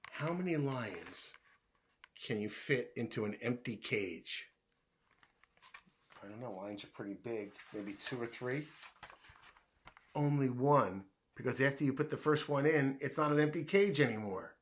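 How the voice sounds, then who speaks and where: A man reading a children's riddle book aloud in a playful way, posing each riddle and then answering it himself, dropping to a hushed voice when he plays the puzzled guesser. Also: mid-range voice, animated, measured pace, pauses often, slight background noise.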